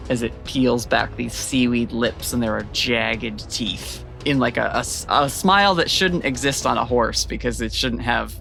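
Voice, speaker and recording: A man running a tabletop game who describes each scene at length, with plenty of fillers along the way. His voice has a gravelly, creaky texture at a middling pitch. Faint music plays underneath. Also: a little slow, few pauses, pushed and bright. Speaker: game master.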